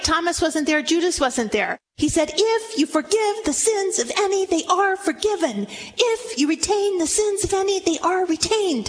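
A woman in her sixties giving a Bible teaching talk. She is emphatic, reads scripture aloud dramatically and asks the audience direct questions. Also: very high voice. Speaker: religious teacher.

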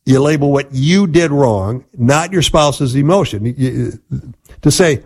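A man's voice: medium pitch, moderate pace, creaky, darkish tone, slightly rough. Male radio host, marriage counselor tone, earnest teaching delivery. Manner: earnest, teaching, repeats key phrases. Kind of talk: radio advice talk.

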